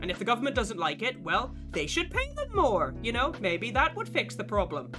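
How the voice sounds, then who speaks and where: A man's voice: extremely high pitch, wildly swooping pitch, brisk. A man, chatting casually and profanely with his stream chat while getting over a cough. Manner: rambling, profane and jokey, answers chat. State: lingering cough. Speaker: game streamer. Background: guitar music playing.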